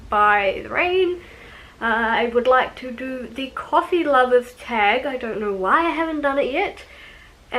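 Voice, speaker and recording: A young woman in casual vlog chat, easygoing and rambling, with plenty of fillers and small laughs. Her voice sits a touch higher than most women's. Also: fairly bright tone, poor audio. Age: young adult. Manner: chatty, rambling, with frequent ums and laughs. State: out of breath. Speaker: vlogger.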